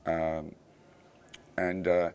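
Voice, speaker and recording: A man's voice: sits low, completely flat delivery, extremely slow, a little mellow, smooth. A man directing a film, interviewed on set, talking casually and enthusiastically with many repeated starts and fillers. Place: film location in a tropical cave.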